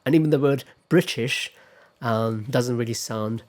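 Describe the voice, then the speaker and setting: Male lecturer, slow and careful delivery, mid-pitched, repeats each example word for the class. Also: a little mellow. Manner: deliberate, repeats example words several times. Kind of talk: pronunciation lecture.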